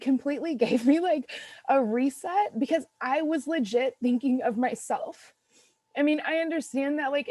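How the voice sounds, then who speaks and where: A woman's voice: mid-range voice, a little mellow, no echo. A young woman speaking on a video call from her home office, rambling and emotional, with lots of "like"s and restarts. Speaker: co-host of a morning video call. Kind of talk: casual group video call chat.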